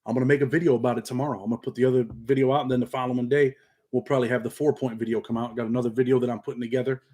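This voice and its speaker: A man's voice: medium pitch, flat delivery, very fast, warm tone, slightly rough. Streetwise upstate New York man, slangy. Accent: upstate New York, slightly country. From Rochester, New York. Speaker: channel host and paralegal. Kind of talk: casual livestream chat, reading comments.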